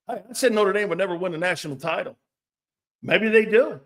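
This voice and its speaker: A man's voice: sits high, normal speed, pauses often. A man hosting a casual sports talk show, joking, rambling and laughing often between his points.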